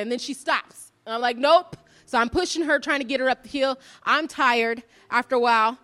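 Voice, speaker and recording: A woman's voice: high voice, sharp tone. A young adult woman from the Pacific Northwest of the US giving an earnest devotional message, telling a personal story and asking rhetorical questions. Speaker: preacher.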